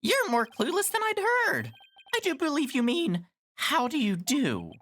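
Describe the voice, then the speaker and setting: A woman voicing a smug, pompous young male prosecutor in a live-stream game dub, with haughty, drawn-out emphasis. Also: high-pitched, wildly swooping pitch, a bit bright, voice pushed up, exaggerated voice.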